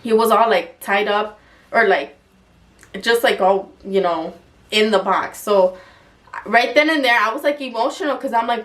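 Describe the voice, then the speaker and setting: A woman's voice: fairly high pitch, normal speed, recorded from a distance. A young woman vlogger telling an emotional personal story in a casual, frank way, full of fillers and the odd swear word.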